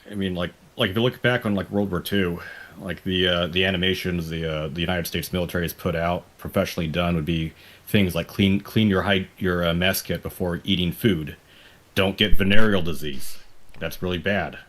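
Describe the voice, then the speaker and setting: Very deep-voiced hesitant man. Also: fairly even intonation, a little fast, a bit bright. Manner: earnest, hesitant, many restarts. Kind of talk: casual chat.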